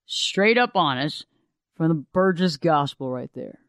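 A man with a high, smooth voice giving relationship advice in a casual monologue. He talks in an animated way and slips into the voices of the people he quotes. The sound is close and dry, with no room around it. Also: a little slow, no echo.

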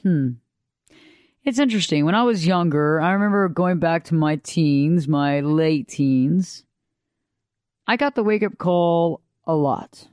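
A woman with a lower voice than she'd like, giving an unhurried, reflective motivational talk that repeats phrases and asks the listener questions. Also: darkish tone, clear, resonant tone, no room sound, clean studio sound. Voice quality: lower voice than she wished for. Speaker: motivational speaker.

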